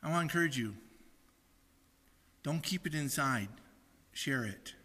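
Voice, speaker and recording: A man preaches to his congregation in a bright, somewhat high voice, swinging from hushed asides to loud, animated retellings. The sound carries a long reverb from a large hall. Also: measured pace. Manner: animated storytelling, acting out quotes in raised voice. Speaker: pastor. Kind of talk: sermon.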